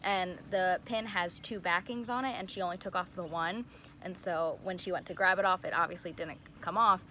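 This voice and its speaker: A young woman telling a story in a casual vlog, excited and gushing, saying "like" again and again. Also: fairly low pitch, normal speed, slight background noise. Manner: excited and gushing, heavy use of "like". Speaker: vlogger.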